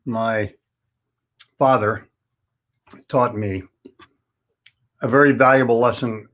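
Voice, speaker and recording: A man's voice: mid-range voice, fairly even intonation, slow pace, fairly bright tone. A man in his seventies from Philadelphia, a sales trainer giving a folksy, blunt motivational talk and hammering points home by repeating words. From Philadelphia, United States. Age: 70s.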